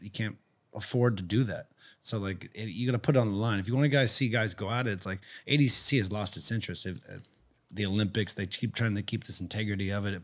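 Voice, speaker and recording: Man, podcast host, slightly low voice, rambling, keeps restarting, casual. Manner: rambling, restarts often, animated storytelling.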